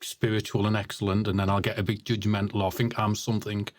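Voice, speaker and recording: A man's voice: lowish voice, little pitch movement, quick pace, slight background noise. A blunt man telling stories as a podcast guest. He often repeats words as he starts a sentence. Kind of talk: casual storytelling.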